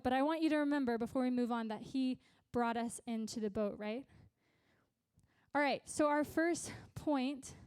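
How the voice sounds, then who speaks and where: A young adult woman giving a youth sermon, chatty and animated, with lots of "like" and "right?" tag questions. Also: on the high side, smooth, no echo. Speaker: youth pastor.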